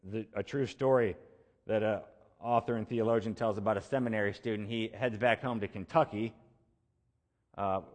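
A man's voice: fairly low pitch, steady tone, moderate pace, long reverb tail. A male pastor giving a conversational sermon, repeating key phrases for emphasis. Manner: conversational preaching with emphatic repetition.

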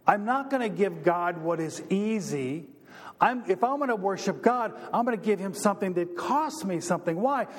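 High-voiced male preacher in a reverberant hall. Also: normal speed. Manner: preaching with building repetition, rising in pitch and force. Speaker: pastor. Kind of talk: sermon.

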